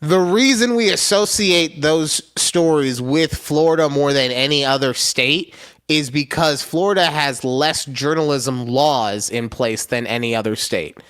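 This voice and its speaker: Hyper young male podcast co-host, high-ish voice, goes loud and animated on his rants. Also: a little slow, clear, resonant tone. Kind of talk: casual comedic chat.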